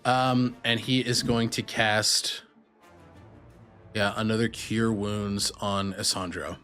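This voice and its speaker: A man running a tabletop game as game master, narrating rules and moves in an unhurried, casual way. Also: on the low side, little pitch movement, pushed and bright, soft background music.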